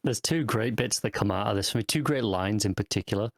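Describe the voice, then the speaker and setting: A man's voice: lowish voice, fast talker, vocal fry, no echo, studio quality. A man co-hosting a podcast who discusses a TV episode in a casual, thoughtful way, often hedging his points. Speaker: podcast co-host. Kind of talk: casual TV review chat.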